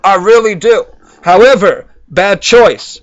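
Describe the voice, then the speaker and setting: This man's voice sits high for a man. He delivers a raw match reaction as a sarcastic, profane rant, and the recording is dry and a little muffled. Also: slow, dry recording. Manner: sarcastic, swearing, ranting. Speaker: football fan video creator.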